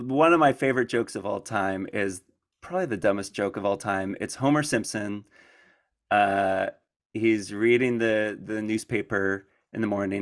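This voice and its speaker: A man's voice: fairly low pitch, a bit bright. A man answering audience questions at a conference in a rambling, casual way, laughing often and restarting his sentences. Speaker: conference speaker.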